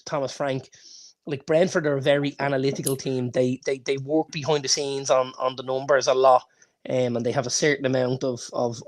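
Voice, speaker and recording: A man's voice: medium pitch, darkish tone. A man, co-hosting a football podcast and telling anecdotes with many false starts. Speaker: podcast co-host. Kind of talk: casual football chat.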